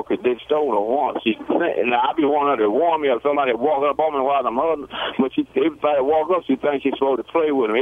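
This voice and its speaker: A man calling in to a radio show, talking in a halting, rambling way with many restarts. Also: medium pitch. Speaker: caller. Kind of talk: phone call to radio show. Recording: tinny phone line with faint noise.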